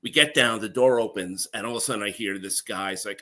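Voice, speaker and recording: A middle-aged man tells his stories in a casual, animated way and often laughs along. His voice sits low but sounds very bright and forceful. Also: a little fast, few pauses. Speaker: guest, former NBC page. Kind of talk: casual storytelling.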